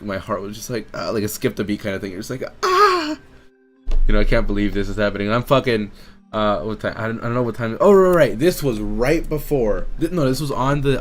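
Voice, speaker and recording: A young man telling a long personal story to his viewers, rambling, excitable and swearing a lot. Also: fairly low pitch. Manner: excitable, rambling and heavily profane. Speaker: streamer and YouTuber. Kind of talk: casual storytelling to camera.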